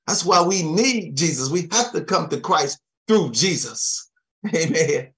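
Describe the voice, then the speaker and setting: Slow-preaching man murmuring amens. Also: on the high side, lively intonation, a bit bright. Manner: peppers his talk with amens and murmured thanks to Jesus; chuckles often between phrases. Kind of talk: sermon.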